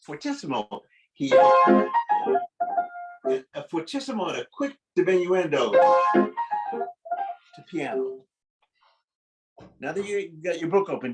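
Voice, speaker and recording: A man's voice: high-pitched, rough recording. A man coaching a piano student in a lesson, blunt and corrective, often stopping the student to explain dynamics. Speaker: piano teacher in a masterclass. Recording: loud piano playing behind the voice.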